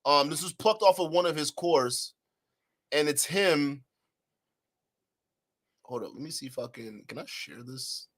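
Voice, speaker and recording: A man's voice: fairly high pitch, unhurried, pauses often, a bit bright. A man hosting a reaction video, mocking what he hears, swearing and talking straight to his chat. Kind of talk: casual reaction commentary.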